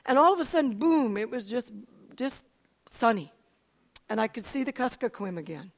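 An older woman telling an emotional personal testimony, animated, with frequent restarts and a voice that climbs and drops. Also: fairly high pitch, moderate pace. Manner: animated storyteller, voice rises and falls, frequent restarts. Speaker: speaker giving a testimony.

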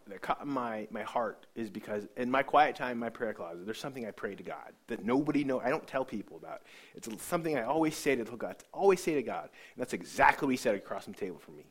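A man giving an emotional personal testimony. He talks earnestly, often sinks to a soft hush, and restarts his sentences. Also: medium pitch.

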